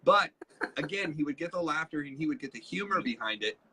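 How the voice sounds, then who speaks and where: A man co-hosting a live leadership show, telling stories with lively quoted voices. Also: fairly high pitch, brisk, a little hiss or hum. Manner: animated storytelling with quoted voices. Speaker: co-host, leadership trainer. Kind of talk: casual live-stream teaching.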